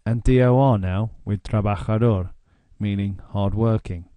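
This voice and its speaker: Man, English accent, language teacher, deliberate explaining, low mellow voice. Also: steady tone, no echo, studio quality. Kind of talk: scripted lesson narration.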